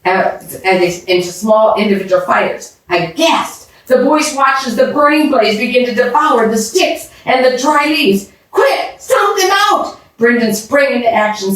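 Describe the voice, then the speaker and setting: Expressive woman reading a bedtime story. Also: a little high, normal speed, hardly any pauses. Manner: expressive, asks listening children questions. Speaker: children's storyteller. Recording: echoey room, distant mic.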